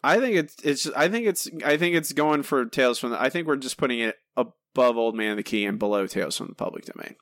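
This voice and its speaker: A man co-hosting a casual podcast, animated and argumentative, often restarting his sentences. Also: mid-range voice, fast, hardly any pauses, no room sound. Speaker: podcast co-host.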